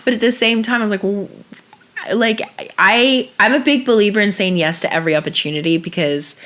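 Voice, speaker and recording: In a casual interview, a young Australian actress animatedly recounts stories, performing the quotes and laughing. She talks a little fast in a mid-range voice.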